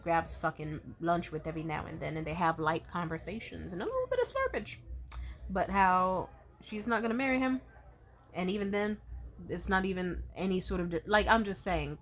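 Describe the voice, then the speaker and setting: A woman's voice: fairly low pitch, fairly bright tone. A young woman vlogging, ranting in an exasperated, heavily profane way about commenters who misjudge her. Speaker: content creator. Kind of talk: casual ranting vlog.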